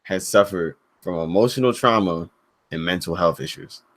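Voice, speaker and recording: A man's voice: deep voice, normal speed, fairly bright tone. A man co-hosting a livestream, talking bluntly and emphatically in slang. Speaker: stream co-host. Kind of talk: casual livestream chat.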